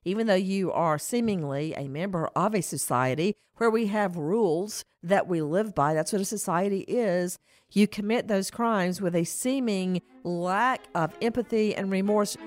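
Animated woman host of a true crime show, sarcastic, quick to laugh, lively pitch. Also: soft background music.

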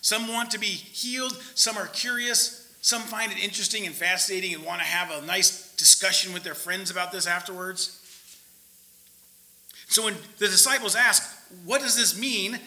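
A male preacher with a high voice and a very bright, sharp tone. He gives a conversational sermon, checks in with his listeners as he goes, and swings between loud emphatic points and quiet asides. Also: steady tone, moderate pace, low-quality recording.

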